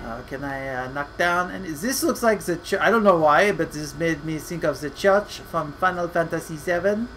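Playful, cussing let's play host. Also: male voice, on the high side, a bit bright, soft background music, rough recording. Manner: playful, swears freely, laughs often, rants; reads game text aloud slowly and dramatically. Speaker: gaming channel host.

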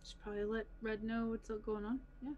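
A woman's voice: fairly high pitch, little pitch movement, a little fast, a little mellow, highs cut off, a little hiss or hum. Polite woman playing a tabletop game. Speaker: player. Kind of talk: casual chat in a tabletop game.

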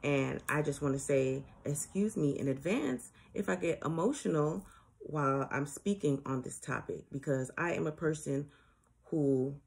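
A woman's voice: low-pitched, gravelly, darkish tone, husky. A woman in her late thirties, a spiritual advisor hosting her own show, talking casually and earnestly to her viewers, mixing jokes with serious advice. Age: late 30s. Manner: chatty and informal, mixes jokes with earnest advice. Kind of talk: casual spiritual talk to camera.

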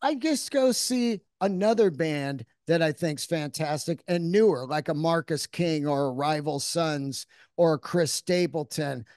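High-voiced, profane podcast host. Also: male voice, unhurried, dry recording, studio quality. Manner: profane, animated storyteller, acting out quotes. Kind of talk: casual interview chat.

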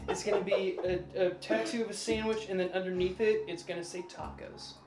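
A woman's voice: mid-range voice, fairly even intonation, fairly quick. Rambling upbeat woman host in a roomy space. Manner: rambling and filler-heavy, upbeat. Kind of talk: casual chat. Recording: roomy, music behind.

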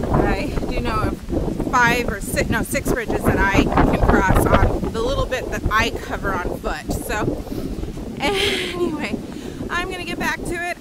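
A chatty woman from Wisconsin, out of breath as she walks and records a casual vlog on an outdoor trail with a handheld camera, gushing about the scenery. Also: on the high side. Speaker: vlogger. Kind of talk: casual walk-and-talk vlog. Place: outdoors on a windy rural trail. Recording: wind noise on the mic.

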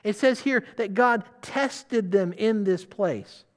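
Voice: medium pitch, slow. A preacher giving a sermon, putting questions to the listeners and stressing key words.

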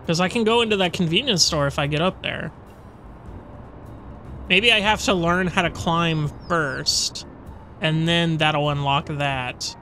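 A gamer talks through a game in a relaxed, unhurried way, with a bright, sharp tone. The commentary is casual and full of swearing, and it breaks into loud frustrated outbursts. Faint game music plays underneath. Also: mid-range voice. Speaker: let's play gamer.

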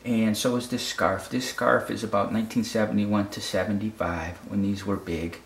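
A man's voice: fairly low pitch, fairly even intonation, normal speed, vocal fry. A man from the United States explaining a fashion photo casually, often repeating words and checking in with "okay?". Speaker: photography critic. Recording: roomy echo.

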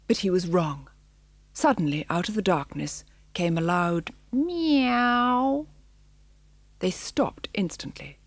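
A woman reading a children's novel aloud in a measured, expressive storybook narration, in a studio. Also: lowish voice, dry recording. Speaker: audiobook narrator. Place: recording studio.

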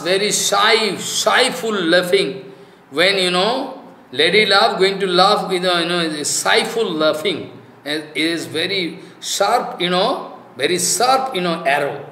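A man giving a devotional sermon as a spiritual teacher, speaking haltingly in broken English with many fillers. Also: sits high, pushed and bright. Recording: echoey room.

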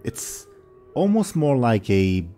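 A man narrating as game master of a tabletop role-playing game over a voice call, talking in a rambling, halting way full of fillers, and he has the hiccups. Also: mid-range voice, big pitch swings, warm tone.

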